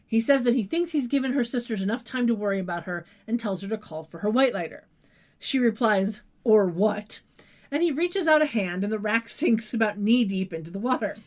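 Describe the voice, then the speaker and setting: A woman's voice: a little high, expressive, fairly quick. A woman co-hosting a podcast, recapping an episode with wry asides, laughs and casual swearing. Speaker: podcast co-host.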